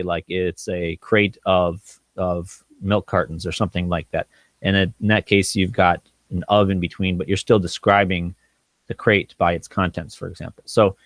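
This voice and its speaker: Low-voiced man teaching Hebrew, halting. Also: no room sound. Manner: thinking aloud, halting with frequent ums and restarts; sounds out Hebrew words slowly syllable by syllable. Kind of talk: informal teaching walkthrough.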